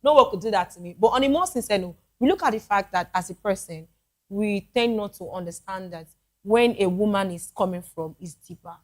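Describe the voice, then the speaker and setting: A woman's voice: medium pitch, brisk, a little mellow. A woman with a Nigerian accent co-hosting a casual talk show, playful and joking.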